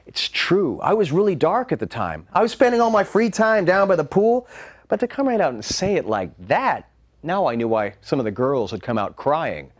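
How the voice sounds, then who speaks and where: Guy telling a funny story on stage, high voice, really lively, wry. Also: moderate pace. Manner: wry, animated. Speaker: solo storyteller. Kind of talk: performed comic monologue.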